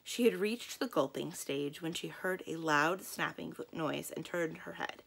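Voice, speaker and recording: A woman librarian reading a children's book aloud in a calm, expressive storytelling manner. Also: sits low, unhurried, creaky, husky.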